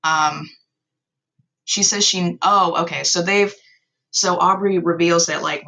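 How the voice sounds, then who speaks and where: A young woman talks through a story recap in a loose, chatty way, cutting in with sarcastic, profane remarks. Her voice sits fairly low and has a gravelly fry. Its tone is bright and sharp. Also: poor audio. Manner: sarcastic, swears freely, exasperated asides. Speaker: video host recapping a story. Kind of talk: casual commentary.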